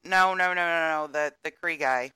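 A woman's voice: sits low, normal speed, bright, forceful tone, clean tone, no echo. A woman co-hosting a podcast, chatting casually and sharing exasperated opinions about a movie. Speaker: podcast co-host. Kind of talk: casual chat.

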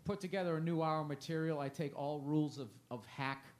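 Brisk and on the high side, a male comedian in his forties rambles through a casual festival interview, swearing a lot and poking fun at himself.

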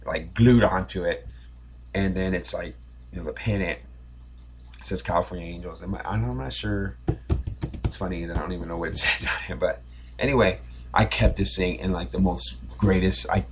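A man in his forties hosts his own sports podcast alone, drifting through a childhood memory with plenty of false starts and restarts. His voice sits low and has a husky grain. He talks casually, like he is chatting with regular listeners. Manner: rambling, nostalgic storytelling with many restarts. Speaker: podcast host. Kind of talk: casual solo podcast monologue.

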